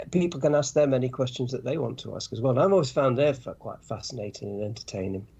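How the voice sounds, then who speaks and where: An older British man, a podcast co-host and cycling author, chatting casually in a halting way with many restarts. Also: mid-range voice, a little mellow, slightly rough, dull audio. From Britain. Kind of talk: casual chat.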